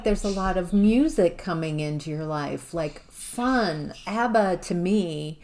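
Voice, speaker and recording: A woman giving an intuitive tarot reading to the viewer, musing and halting, with sudden exclamations of surprise. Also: lowish voice, darkish tone, a little hiss or hum. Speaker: tarot reader.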